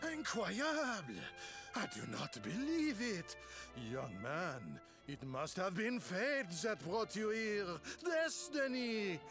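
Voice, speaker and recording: A man's voice: high voice, wildly swooping pitch, slow, heavily acted. An actor voicing a flamboyant, pompous male school headmaster in a game, using a put-on French accent and tossing in French words. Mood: grandiose. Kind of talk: video game voice acting. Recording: game voice with loud music. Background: game music.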